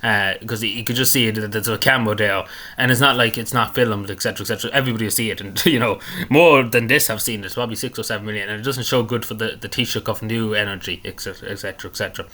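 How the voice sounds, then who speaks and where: A man talks quickly and with some force in a bright tone. He rambles through an indignant commentary on a clip and keeps circling back to the same points. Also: on the low side. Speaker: political commentator. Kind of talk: casual commentary on a video clip.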